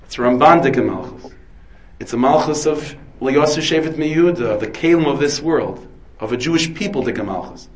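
A man's voice: mid-range voice, moderate pace, slight background noise, low-quality recording. A man, a rabbi, giving a Torah lecture full of Hebrew terms, asking and answering his own questions. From United States. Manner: dense with Hebrew and Yiddish terms.

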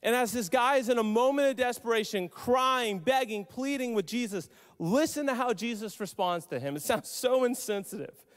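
A male pastor preaching a sermon, telling the story emphatically with pauses. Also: very high-pitched, animated. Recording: long hall reverb.

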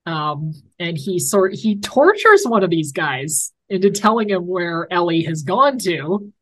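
A woman's voice: fairly low pitch, big pitch swings, a little slow, a bit bright, low-quality recording. A woman co-hosting a casual podcast, bluntly retelling TV scenes and swearing freely as she acts out the characters' lines. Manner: blunt, profane, retells scenes with acted quotes. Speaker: podcast co-host. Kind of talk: casual TV recap chat.

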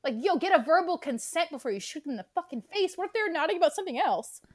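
A woman's voice: very high-pitched, fast, dry recording. A young woman co-hosting a casual podcast, ranting about a movie with swearing and acted-out quotes. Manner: animated, swears, acts out scenes. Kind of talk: casual chat, movie rant.

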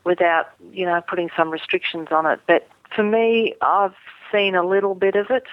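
A middle-aged woman, an airline pilot, speaking earnestly and measured as a guest in a phone interview. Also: fairly low pitch, fairly even intonation, dry recording. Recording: tinny phone line.

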